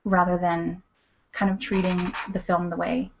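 A woman's voice: lowish voice, level tone, measured pace, gravelly, dull audio, noisy background. A woman with a Canadian accent, a documentary filmmaker chatting as a guest, explaining things earnestly and dropping into whispers now and then. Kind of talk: casual chat.

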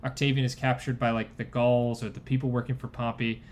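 A young man co-hosts a podcast, chatting casually and enthusiastically in a rambling style packed with "like" and restarts. His medium-pitched voice is fairly quick, a little mellow, and flat in intonation, with slight background noise.

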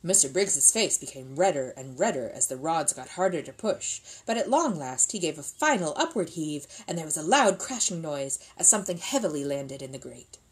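A woman reading a children's book aloud in an expressive, lilting way. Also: sits low, normal speed, few pauses, rough recording. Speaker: reader.

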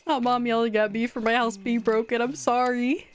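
A young woman live-streaming a video game, chatting and giggling as she reacts to what happens on screen. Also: a little high. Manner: excited squeals at wins.

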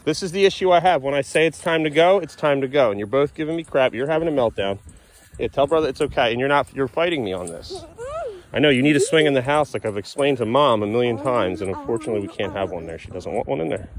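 A man's voice: medium pitch, animated, quick pace. A father filming a vlog at a playground, sternly scolding his kids and muttering exasperated asides to the camera on a handheld phone. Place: outdoor playground.

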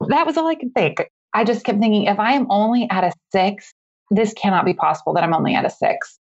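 Animated woman telling a story. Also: mid-range voice, lo-fi sound. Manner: animated, laughing often while telling. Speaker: podcast guest. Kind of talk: casual storytelling.

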